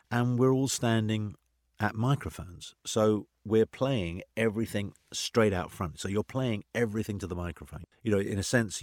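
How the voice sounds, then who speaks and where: A middle-aged man, an actor, talking in an interview in an animated, anecdotal way full of "you know" asides. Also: lowish voice, no echo, studio quality. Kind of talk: conversational interview.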